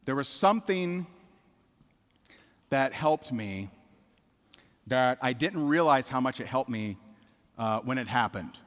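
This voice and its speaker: A man's voice: medium pitch, lively intonation, takes it slowly, pauses often, fairly bright tone. Candid man speaking in a big hall. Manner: candid storytelling, repeats words, asks the audience questions. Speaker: keynote speaker. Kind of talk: motivational speech. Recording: reverberant hall.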